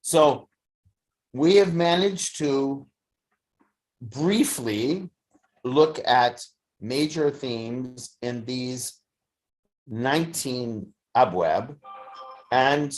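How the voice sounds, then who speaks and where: A teacher leads a study class at an unhurried, deliberate pace, with a voice of middling pitch. The delivery is halting and reflective, full of fillers and restarts as the thoughts take shape. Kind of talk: slow, thoughtful lecture. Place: study session streamed on video call.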